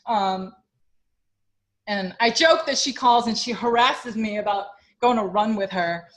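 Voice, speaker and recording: A woman's voice: mid-range voice, a little slow. A young woman who coaches fitness, telling her story in a chatty interview with lots of fillers and growing emotion. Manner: chatty, many fillers, grows emotional and tearful.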